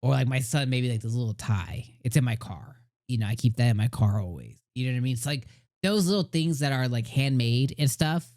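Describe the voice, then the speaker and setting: A man's voice: medium pitch, a little fast, darkish tone, no room sound, studio quality. A middle-aged man casually reviewing an anime episode, gushing and rambling with many fillers.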